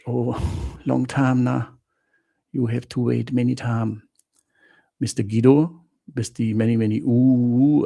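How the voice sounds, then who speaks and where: A man casually hosts a live chat with viewers, greeting them one by one and often breaking into laughter. His voice is dark and mellow, with a creaky, gravelly edge. He speaks slowly in simple, non-native English. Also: medium pitch. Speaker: travel channel host.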